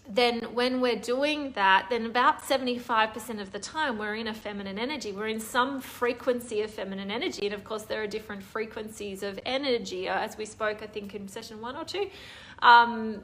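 Aussie woman doing a live coaching stream, kinda high voice, super upbeat, reads comments out. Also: fairly bright tone. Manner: enthusiastic, reads out viewer comments. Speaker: online course host.

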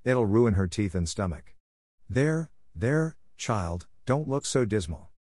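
Man putting on a strict older lady, tart and scolding, brisk. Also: fairly low pitch, very animated, a little mellow, no room sound, studio quality, full character voice. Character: stern, sharp-tongued older spinster woman.

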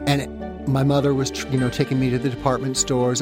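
A man's voice: medium pitch, brisk, over music. Wry man telling a comic story. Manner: wry, self-mocking, animated asides. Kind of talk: first-person comic storytelling.

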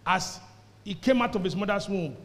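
A man preaching in a high, ringing voice, pressing his points and calling on the congregation to answer back. His sermon rolls out through a church hall with a long, echoing tail. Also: moderate pace, fairly bright tone. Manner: emphatic preaching, call-and-response with the congregation. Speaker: pastor. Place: church service before a congregation.

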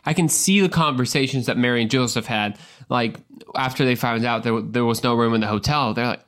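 A man's voice: medium pitch, a little fast, a bit bright. Podcast preacher, male, casual and jokey, conversational Bible teaching. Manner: joking, conversational, repeats words as he talks.

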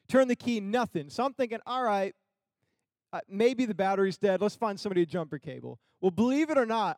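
High, lively young man telling a story. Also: no echo, studio quality. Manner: animated storyteller, laughing often, acting out quoted voices. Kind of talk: storytelling sermon to an audience.

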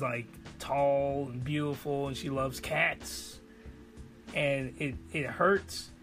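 A man's voice: fairly high pitch, fairly bright tone. A man giving a casual spoken review of an anime in a rambling, enthusiastic way.

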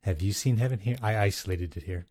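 In casual vlog commentary, a man goes over his audio recordings, chuckling a lot and often restarting what he says. His lowish voice has a darkish tone, and he talks fast. Slight background noise is present.

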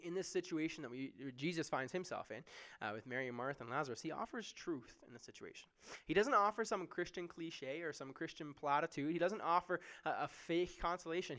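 A man's voice: a little high, fairly bright tone. A man giving a conversational sermon as a pastor, often checking in with "right?".

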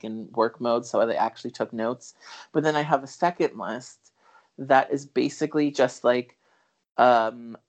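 A man co-hosting a podcast, chatting casually about a film, rambling with many fillers, restarts and the odd swear word. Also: medium pitch. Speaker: podcast co-host. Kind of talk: casual film review chat.

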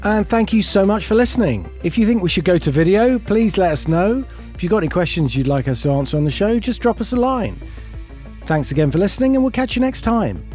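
A man's voice: high-pitched, expressive, brisk, darkish tone. Man, podcast host, casual self-deprecating chat, stammering restarts, faint background music.

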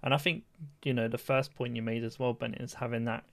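A man co-hosting a podcast chat, speaking at a middle pitch in a relaxed, thinking-aloud way. The recording is dry and close, with no room sound. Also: quick pace, gravelly, no echo. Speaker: podcast co-host. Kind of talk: casual chat.

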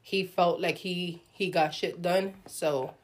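A woman who manages a music artist and hosts a casual chat, telling stories in an animated, slangy way. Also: lowish voice, takes it slowly. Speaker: podcast host and music manager.

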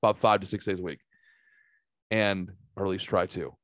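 A man in his forties, a podcast host telling casual stories in an animated way, swearing freely and jumping higher when excited. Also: moderate pace, no room sound. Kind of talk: casual storytelling chat.

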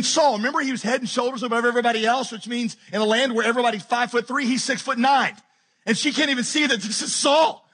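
A man preaching a sermon as pastor, animated and joking as he retells a scripture story. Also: very high voice, slightly rough. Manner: animated, jokey retelling with acted-out quotes.

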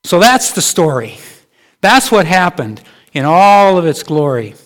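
Male pastor, sermon, conversational preaching, rhetorical questions, somewhat high voice. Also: big pitch swings, a little slow, fairly bright tone.

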